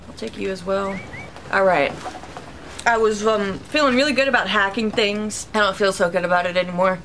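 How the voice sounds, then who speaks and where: Young woman let's-player, chatty and excitable, crisp bright voice, faint background noise. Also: mid-range voice. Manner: chatty and reactive, talks to viewers, sudden yelps. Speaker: gaming YouTuber. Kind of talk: casual let's-play commentary.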